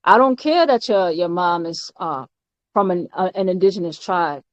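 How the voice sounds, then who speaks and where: A woman giving an informal doctrinal teaching. She is emphatic and halting, with many fillers and repeated words, and often ends her points with "all right?". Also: lowish voice, dry recording. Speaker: spiritual teacher. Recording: dull, lo-fi, dry recording.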